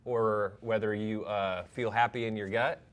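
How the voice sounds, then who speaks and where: A man's voice: fairly low pitch, steady tone, unhurried, clean tone. A man co-hosting a live-streamed recovery talk show, friendly and loose, often repeating words as he talks. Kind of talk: casual live-stream chat.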